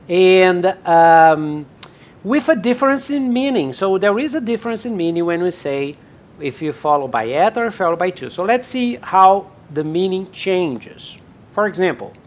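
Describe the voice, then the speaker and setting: A woman English teacher giving a live online lesson, explaining slowly, repeating example sentences and acting them out, her native tongue Portuguese. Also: on the low side, highs cut off.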